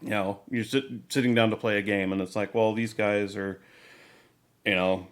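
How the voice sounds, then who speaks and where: A man's voice: fairly low pitch, fairly even intonation, normal speed. A man hosting a casual hobby podcast, talking loosely with fillers and restarts. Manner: rambling, many restarts and fillers. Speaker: podcast host.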